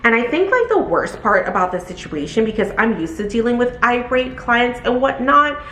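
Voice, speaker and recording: Animated woman. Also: moderate pace, echoey room, slight background noise. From Brooklyn, New York. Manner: animated, acts out quotes in high voices. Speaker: vlogger telling a storytime. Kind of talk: casual storytime chat.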